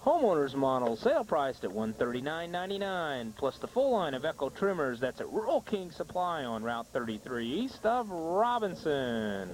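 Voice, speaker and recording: Guy reading ads on a local ball game telecast, kinda high voice, bouncy, little hiss behind. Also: moderate pace, few pauses, rough recording. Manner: lively, laughs easily while reading ads. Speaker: play-by-play announcer. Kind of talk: local high school baseball broadcast with sponsor reads.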